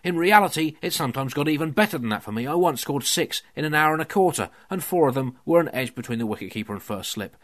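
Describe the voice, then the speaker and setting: A man's voice: fairly high pitch, expressive, fast talker, few pauses, fairly bright tone. A man hosting a comedy podcast, delivering a scripted monologue in a dry, mock-serious way. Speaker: podcast host. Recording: music playing underneath.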